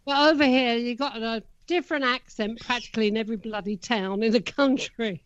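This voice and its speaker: Woman, South London accent, chatty, laughs easily, slightly high voice, dry muffled audio. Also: brisk, no room sound. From England. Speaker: podcast co-host. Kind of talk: casual chat.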